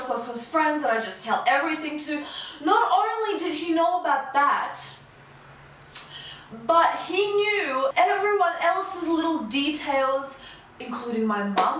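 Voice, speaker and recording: A woman in her twenties telling a storytime vlog in casual chat, animated and fast, dropping low and jumping high. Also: a little hiss or hum. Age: 20s. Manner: animated, fast-talking, swings from low mutters to high outbursts. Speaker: vlogger. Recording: echoey room, voice a bit far from the mic.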